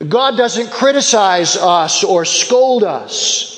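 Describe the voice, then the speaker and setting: High-voiced, slow preaching man in a hall. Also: expressive. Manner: emphatic preaching with repeated phrases. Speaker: pastor. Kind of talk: sermon.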